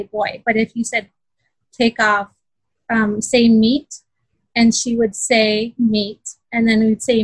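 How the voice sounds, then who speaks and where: A woman's voice: a little high, a bit bright, no echo, low-quality recording. A woman in a casual interview, earnestly telling how her daughter struggled, with many fillers and restarts. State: close to tears. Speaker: parent describing her daughter's learning.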